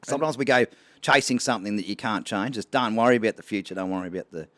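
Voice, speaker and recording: A man's voice: on the low side, fast. A man with an Australian accent, co-hosting a podcast and spinning casual yarns with plenty of laughter. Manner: animated yarn-spinner, laughs through his stories. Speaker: podcast co-host. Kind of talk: casual storytelling chat.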